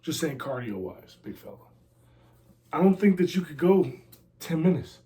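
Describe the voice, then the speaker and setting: A man's voice: a little high, very animated, moderate pace, mellow. A man talking casually in an interview, brash and boastful with lots of slang and trash talk. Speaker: interview guest, former pro wrestler. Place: a house.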